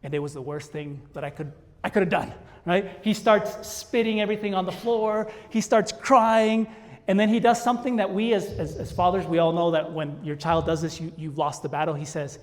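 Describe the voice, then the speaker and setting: Animated male keynote storyteller. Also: sits high, moderate pace. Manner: animated, acts out voices. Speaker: keynote speaker. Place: conference hall stage. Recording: long hall reverb.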